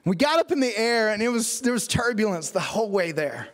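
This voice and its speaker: A man's voice: high voice, fairly bright tone. A man preaching a sermon as a pastor, telling stories with humor and acting out the people in them. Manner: storytelling with humor and acted-out quotes.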